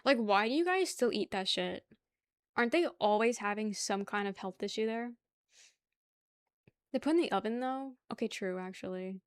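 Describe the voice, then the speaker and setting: A woman's voice: medium pitch, expressive, normal speed, long pauses, clean tone, dry recording. Chatty young woman streamer, dry sound. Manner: rambling, swears casually, laughs often. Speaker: livestream host. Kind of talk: casual chat with chat viewers.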